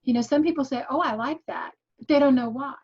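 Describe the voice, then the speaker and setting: Woman, fairly high voice, earnest and encouraging, teaching online, muffled call audio. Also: fast talker, breathy edge. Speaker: guest teaching graphic design. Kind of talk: online tutorial talk.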